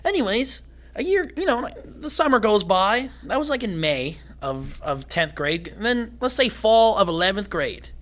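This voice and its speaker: A young man from Canada, a fighter guest on a podcast, talking fast and excitedly and swearing freely. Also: high voice. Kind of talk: casual podcast conversation.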